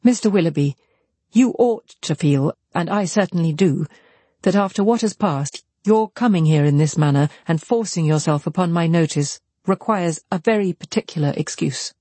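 A man reading aloud and voicing a composed young woman who speaks in a measured, formal, cool way. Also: fairly high pitch, mellow, no echo, lightly acted. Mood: cool reproach. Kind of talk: audiobook character voice.

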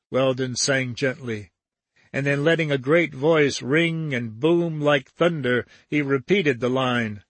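A man reading a novel aloud as an audiobook narrator, steady and even. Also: medium pitch, unhurried, dry recording.

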